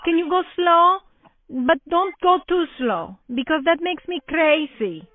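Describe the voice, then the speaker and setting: A shrill, demanding answering-bot woman snaps at a caller in clipped orders. Her voice comes very high and thin through a tinny phone line, played from a recorded clip. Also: expressive, a little slow. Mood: impatient. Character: impatient fussy female answering-bot voice. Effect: played back over a phone line.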